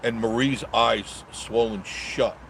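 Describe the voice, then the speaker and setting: A man's voice: mid-range voice, fairly even intonation, slow pace, gravelly, fairly bright tone, slight background noise. A middle-aged man hosting a casual live stream, reading viewer comments aloud and rambling through jokey banter with frequent chuckles.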